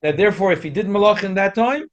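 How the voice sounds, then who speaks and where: A man's voice: sits high, animated, fast, lo-fi sound. Man teaching Talmud. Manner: frequent stumbling restarts, rising emphatic jumps. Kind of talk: Talmud lesson.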